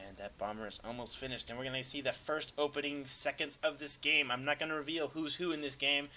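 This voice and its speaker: A young man casually commenting over a replay of a strategy game, rambling and self-deprecating, sometimes breaking into excited yelps. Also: medium pitch, quick pace, few pauses, slight background noise, rough recording. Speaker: gameplay commentator.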